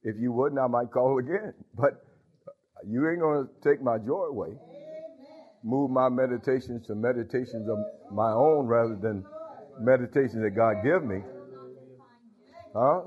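A man with a medium-pitched, slightly rough voice speaks at a measured pace with long pauses, on narrow, tinny audio. He's preaching an informal sermon in a small church, folksy and chuckling, calling out to the congregation in call-and-response style and repeating his phrases.

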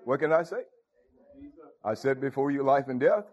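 A man's voice: mid-range voice, animated, moderate pace, a little mellow. A man preaching a folksy sermon, calling out to his congregation. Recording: dull lo-fi recording.

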